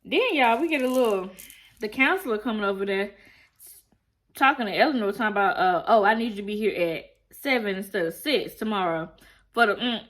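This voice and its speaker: A woman's voice: mid-range voice, a little fast, a bit bright. A young woman vlogger giving a casual, chatty recap of a TV episode, acting out quoted lines and addressing viewers directly. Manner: chatty storytelling, acts out quoted lines, talks straight to viewers. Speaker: TV review vlogger.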